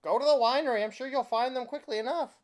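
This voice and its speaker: A curt, suspicious vineyard owner in a leather cloak, voiced by a man running the game. He snaps back short defensive questions in a pitch lifted above the speaker's usual voice, sounding agitated throughout. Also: fast.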